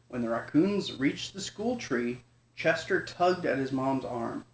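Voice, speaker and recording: A father gently reading a bedtime story to his young son, speaking informally and stumbling and correcting himself now and then. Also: mid-range voice, measured pace. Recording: echoey room.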